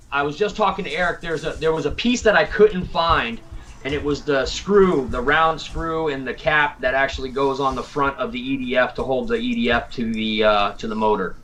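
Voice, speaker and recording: A man's voice: fairly high pitch, fairly bright tone. A man from Tennessee hosting a casual livestream show, talking in an easygoing way, full of fillers and repeated words. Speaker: podcast host.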